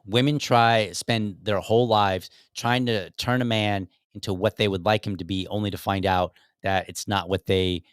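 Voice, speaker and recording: A man's voice: fairly low pitch, fairly even intonation, normal speed, hardly any pauses, smooth, dry recording, studio quality. A man hosting his own podcast, rambling casually with many fillers and restarts. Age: young adult to middle-aged father. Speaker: podcast host. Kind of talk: casual commentary.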